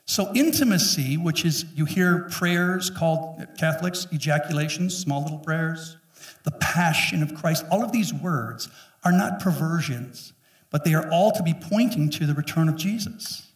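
A man in his fifties preaching with force from the pulpit, his voice pitched a little high. He jokes and acts out quick voices between blunt points. He is heard from some distance in an echoey church room. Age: 50s. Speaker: pastor. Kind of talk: sermon. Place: church sanctuary.

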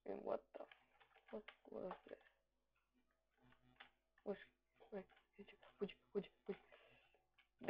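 A woman giving excitable live game commentary, shouting, swearing and making boom sound effects over a dull, lo-fi recording. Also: slow, gravelly, long pauses, slightly rough. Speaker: gameplay commentator.

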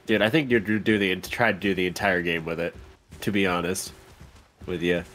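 A man's voice: low-pitched, fairly even intonation, moderate pace, fairly bright tone. A man co-hosting a casual game let's-play, rambling and laughing often. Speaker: gameplay co-host.

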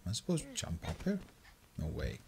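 Excitable let's play gamer, wildly swooping voice. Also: deep voice, a little fast, gravelly, slight background noise. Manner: excitable, shrieks and laughs often; swears casually. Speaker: gameplay commentator.

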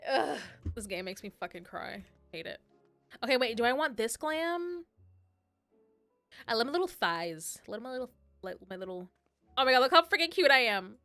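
A woman's voice: fairly high pitch, big pitch swings, moderate pace, pauses often, sharp tone, faint music behind. A young woman streaming a game, chatting casually, gushing and swearing, laughing often.

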